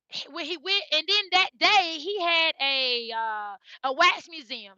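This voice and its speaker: High, bright-voiced mother vlogging. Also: dry recording, highs cut off. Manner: emotional, repeats herself, talks straight to viewers. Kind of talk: casual storytelling to viewers.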